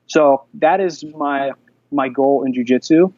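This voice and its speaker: A man telling stories as a podcast guest, casual and animated, with lots of fillers. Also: medium pitch, a little slow, no room sound, lo-fi sound. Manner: animated storyteller, many fillers. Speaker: guest, jiu-jitsu black belt instructor.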